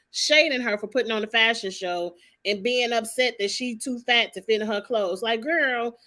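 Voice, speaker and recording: Sharp-toned and pitched on the high side, this woman vlogger gives casual, opinionated commentary on a reality show. She is sassy and blunt, ranting and cursing without restraint.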